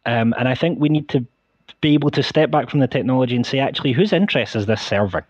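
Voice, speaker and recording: Husky guy making his point on a podcast, kinda muffled and dry. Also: mid-range voice, fast talker, no echo. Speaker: podcast co-host. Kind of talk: casual discussion.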